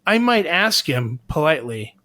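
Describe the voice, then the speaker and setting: A man's voice: on the high side, very animated, normal speed, pushed and bright, no echo, studio quality. A man co-hosting a podcast, talking things through in an earnest way and searching for his words. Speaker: podcast co-host. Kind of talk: casual podcast discussion.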